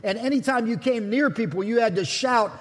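Pastor guy preaching, acts out the story lines, kinda husky, big reverby hall. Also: very high-pitched, brisk. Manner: animated storytelling, acting out voices of the story. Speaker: lead pastor. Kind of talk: sermon.

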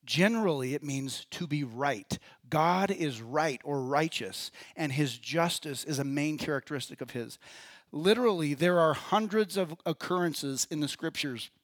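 A man's voice: fairly high pitch, moderate pace, no echo. A man preaching a sermon in church as pastor, talking in a conversational way and putting questions to the congregation.

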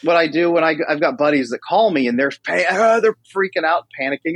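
A man talking casually as a guest on a podcast about controlling anxiety, telling animated stories and acting out his friends' voices. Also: fairly high pitch, fast, few pauses, no echo, poor audio.

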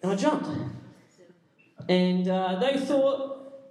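A young man who works as a youth pastor tells playful, self-deprecating stories to a youth crowd. His voice sits very high. The sound is roomy and echoing, picked up from some distance away. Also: lively intonation, measured pace, long pauses, a little mellow. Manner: playful, self-mocking, jokey asides. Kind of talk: comic storytelling talk to a youth audience. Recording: echoey room, mic at a distance.

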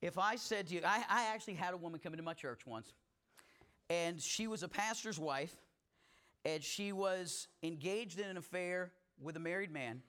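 A middle-aged man with a notably high voice, preaching to his congregation. He talks conversationally, mixing folksy asides with emphatic, building points. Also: normal speed, pushed and bright, clean tone. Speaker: pastor. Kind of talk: sermon.

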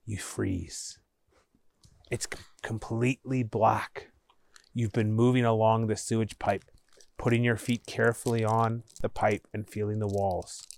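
A man hosting a podcast, narrating an interactive story in a measured way, with his voice dropping low for suspense. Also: little pitch movement, gravelly.

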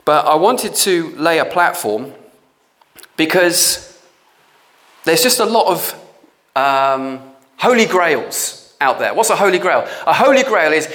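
A male preacher giving a blunt, animated sermon, acting out the voices of people he quotes. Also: on the high side, slow pace, long pauses.

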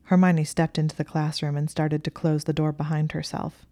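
Low-voiced woman reading a story. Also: little pitch movement, normal speed, warm tone, no room sound, studio quality. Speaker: audiobook reader. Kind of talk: reading fan fiction aloud.

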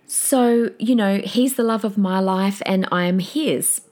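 A woman's voice: mid-range voice, a little slow, darkish tone. A woman in her forties hosting a podcast, talking casually and emotionally about her marriage and tearing up easily. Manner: chatty and emotional, tears up easily. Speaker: podcast host. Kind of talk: casual solo podcast talk.

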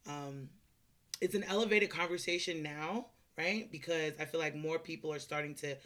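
A woman hosting a podcast over a video call, chatty and excitable, laughing often as she talks. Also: low voice, moderate pace. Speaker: podcast host. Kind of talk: casual interview chat.

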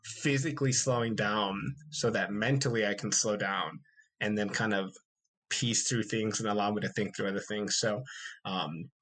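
A male podcast co-host in loose, casual conversation. He pokes fun at himself and laughs often, mixing quick asides with playful quotes of what others say. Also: on the low side, steady tone, a bit bright. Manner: self-deprecating, laughs often, playful quoting. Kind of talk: casual chat.

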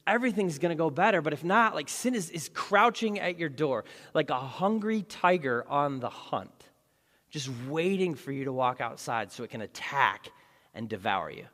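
A male pastor preaching with a bright, forceful, slightly high voice. He is conversational and quick with a joke, then leans into dramatic emphasis, and his words trail off into a long reverb across a large church hall. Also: lively intonation. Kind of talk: sermon.

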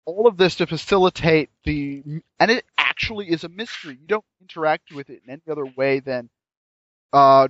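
A man's voice: mid-range voice, no echo. A man chatting casually and enthusiastically about a game, rambling with frequent restarts, on dull lo-fi audio. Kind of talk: casual chat reviewing a game.

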